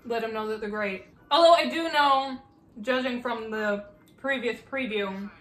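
A young woman hosting a casual reaction video, excitable and gushing, swearing freely and breaking into squeals. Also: fairly high pitch, a little slow. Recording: echoey room with faint noise.

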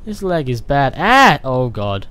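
A man giving loud, excitable, profane let's-play commentary while playing a survival horror game. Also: medium pitch, unhurried, noisy background. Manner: excitable, profane, yelling reactions. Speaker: gaming channel host.

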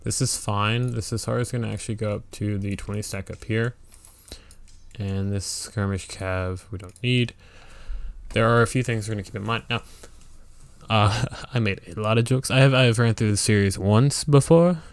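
A man's voice: fairly low pitch, normal speed, clean tone. A man hosting a let's play, giving casual strategy game commentary and thinking aloud with fillers and restarts.

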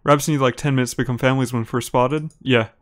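Talking fast at a medium pitch, a chatty Upper Midwest American streamer from Minnesota gives live gameplay commentary and reads out the chat. He's relaxed and laughs easily, speaking to viewers by name.

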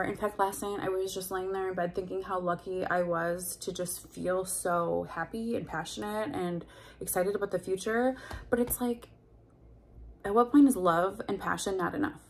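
Heated, candid woman venting on camera. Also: medium pitch. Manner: candid and heated, heavy filler 'like', blunt swearing. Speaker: vlogger. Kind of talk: confessional storytime vlog.

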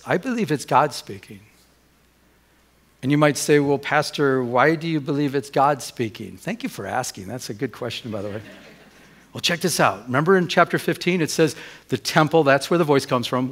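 Higher-voiced pastor preaching a sermon. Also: male voice. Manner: asks the congregation rhetorical questions; swings between loud and hushed. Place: church during a Sunday service.

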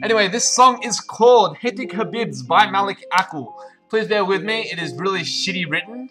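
A man's voice: high voice, lively intonation, normal speed, over music, rough recording. A young man joking crudely and mocking himself before recording a song. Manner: crude, mocking, self-deprecating. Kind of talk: joking home recording intro.

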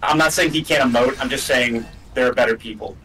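A man's voice: mid-range voice, fast, a bit bright, a little hiss or hum. A young man co-hosting a let's play, chatting casually and rambling with lots of fillers and emphatic asides. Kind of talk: casual gaming chat. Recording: voice a bit far from the mic.

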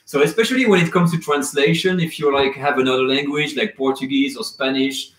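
A man's voice: mid-range voice, fairly quick, fairly bright tone, echoey room. Rambling man hosting a live chat. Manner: casual, rambling, reads chat comments aloud. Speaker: cooking channel host.

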